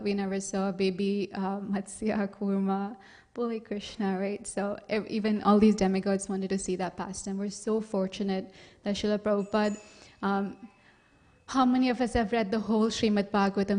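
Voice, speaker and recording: A woman giving a conversational sermon at a temple Sunday class, with frequent pauses and fillers. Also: medium pitch, a little mellow. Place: temple hall.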